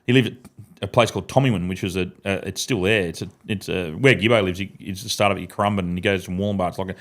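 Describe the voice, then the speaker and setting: A man, a podcast guest telling a sweary, animated story and laughing through his sentences in a studio. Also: low-pitched, fast talker. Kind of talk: casual storytelling.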